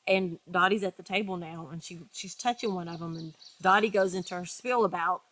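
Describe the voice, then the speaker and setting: Woman, casual chat co-host, lower-pitched, animated, restarts a lot. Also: a little fast. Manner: animated storyteller, acts out quotes, many restarts. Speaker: podcast co-host.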